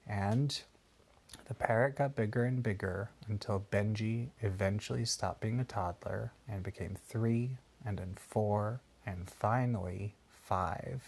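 A man's voice: fairly low pitch, unhurried, gravelly, a little mellow, breathy edge. A man patiently improvising a bedtime story for a child and explaining things along the way. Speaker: parent telling a bedtime story.

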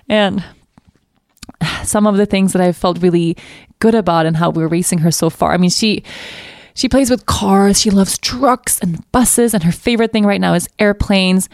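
A woman's voice: mid-range voice, unhurried, pauses often, a little mellow, no room sound, clean studio sound. A woman hosting her own podcast, talking candidly and thoughtfully in a casual way, often restarting her sentences. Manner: casual, occasional swearing. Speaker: podcast host. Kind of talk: reflective solo podcast talk.

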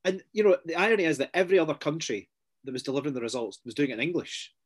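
A man's voice: on the high side, expressive, breathy edge. Chatty sardonic man. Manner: chatty, sardonic, quick asides. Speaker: podcast co-host. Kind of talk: casual chat.

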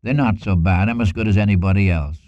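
A man's voice: low-pitched, quick pace, mellow, no echo. A man preaching a sermon in an earnest way, quoting scripture with dramatic emphasis and repeating lines for weight. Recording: dull lo-fi dry recording.

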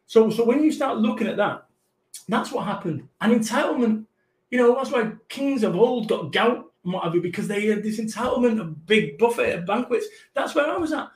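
A middle-aged man talks in a noticeably high register, swearing and driving his points home with animated emphasis. He sounds like a podcast guest caught in a roomy, echoing space. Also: a little fast. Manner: profane, emphatic, animated storytelling. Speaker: business coach, guest. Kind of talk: podcast conversation.

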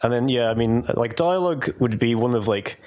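A man's voice: medium pitch, lively intonation, brisk, a little mellow. A man chats about a film with friends in a loose, rambling way. He leans on "like" and "you know" constantly, with a mid-range voice. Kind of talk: casual film discussion.

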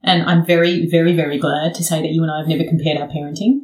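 A woman's voice: low-pitched, fast talker. Frank, swearing woman host in a roomy space. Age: 30s. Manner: frank and expressive, swears freely. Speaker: podcast host. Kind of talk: casual chat.

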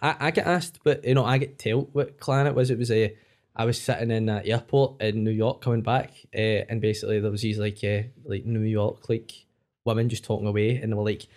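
A man with a Glaswegian accent, a comedian guest telling animated anecdotes in casual chat and acting out the voices. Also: fairly low pitch, fairly quick. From Glasgow, Scotland. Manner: animated anecdotes, acts out voices, says "aye" a lot.

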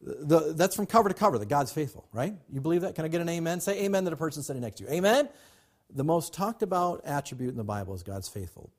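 Male pastor, husky voice, emphatic preaching with call and response. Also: fairly high pitch, very animated, fast, a little mellow. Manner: emphatic, repetitive, calls to the congregation. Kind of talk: sermon.

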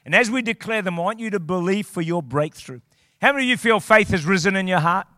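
A man preaching a sermon as a pastor, swinging from quiet storytelling to shouted declarations. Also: high voice, animated, quick pace, dry recording, clean studio sound.

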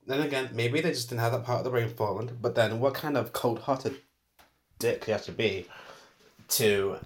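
A young man talking through an unscripted voice note monologue, sighing and laughing, with sudden loud outbursts between muttered asides. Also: mid-range voice. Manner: emotional, swinging from muttered sighs to loud outbursts; sighs and laughs often, says "girl" a lot. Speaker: podcast host.

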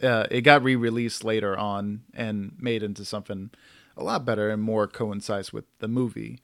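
A man's voice: lowish voice, fairly even intonation, moderate pace, vocal fry, dry recording. Laughing man hosting a podcast chat. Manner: laughs often, stumbles over names. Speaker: podcast host.

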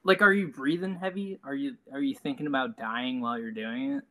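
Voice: mid-range voice, brisk, pushed and bright. A person co-hosting a casual podcast, talking loosely with many fillers. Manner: filler-heavy casual talk.

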